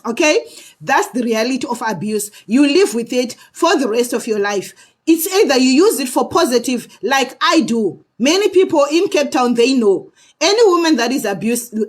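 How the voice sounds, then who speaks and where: A woman with a high-pitched voice speaks earnestly to camera. She shares her own story as a vlogger and keeps checking in with her viewers. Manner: earnest, often adds "okay?" to check in with viewers. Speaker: vlogger sharing personal experience. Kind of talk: personal testimony to camera.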